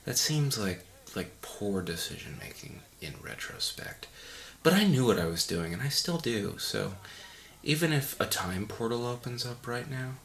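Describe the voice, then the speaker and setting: A man's voice: mid-range voice, expressive, moderate pace, a bit bright. A man giving a mock audio commentary in a pompous, condescending, rambling way. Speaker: commentary host.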